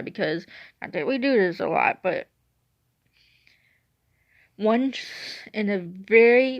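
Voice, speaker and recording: A woman's voice: mid-range voice, expressive, slow pace, long pauses, no room sound. Twenty-something woman rambling through a storytime, keeps correcting herself, dull lo-fi mic. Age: 20s. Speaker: vlogger. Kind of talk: casual storytime. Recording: dry, dull lo-fi recording.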